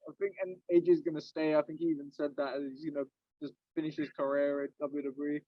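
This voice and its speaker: A man co-hosting a wrestling podcast, reacting quickly and swearing in casual chat. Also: on the high side, level tone, dry recording. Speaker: podcast co-host. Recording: dull, dry lo-fi audio.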